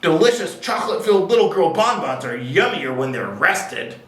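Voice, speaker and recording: A man voicing a hungry, gloating dinosaur who booms his lines in a storybook reading. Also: sing-song, normal speed. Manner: gloating, booming. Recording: echoey room, distant mic.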